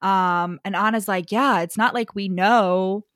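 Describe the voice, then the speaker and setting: A woman's voice: mid-range voice, unhurried, dry recording, studio quality. A woman co-hosting a casual podcast, recapping a novel with candid, sardonic asides and free swearing. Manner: candid and sardonic, swears freely, quotes characters in a lively voice. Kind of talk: casual chat.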